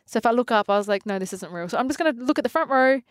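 A woman in her twenties from Adelaide with an Australian accent, a fitness trainer telling lively stories in an interview, acting out quotes and laughing often. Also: on the high side, racing. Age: 20s. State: pregnant. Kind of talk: casual interview.

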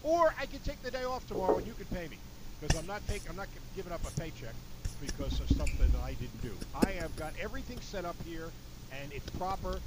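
A man's voice: fairly high pitch, sing-song, fast talker. Furious man ranting over a noisy line. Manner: exasperated, yelling in bursts. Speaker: remote radio co-host. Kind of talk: angry rant about audio problems. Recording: noisy remote line, far off.

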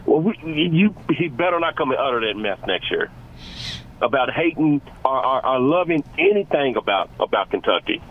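A man calling into a sports radio show, ranting excitably and stumbling over repeated words. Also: medium pitch, a little fast, narrow, tinny audio. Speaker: caller.

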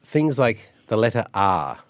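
An Australian man, a radio program director and voiceover artist, chatting casually in an interview and explaining his craft with relaxed pauses. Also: on the low side, dry recording.

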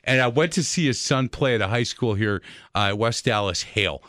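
A man's voice: medium pitch, brisk, fairly bright tone, no echo. A man hosting a sports radio show, chatting casually and joking as he tells stories over a studio headset. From Wisconsin.

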